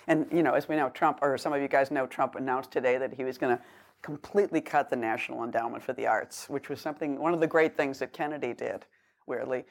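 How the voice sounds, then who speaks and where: A middle-aged woman with a Boston accent gives a poetry reading, declaiming her poems and then chatting in a halting, rambling way between them. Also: extremely low pitch, gravelly. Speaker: poet.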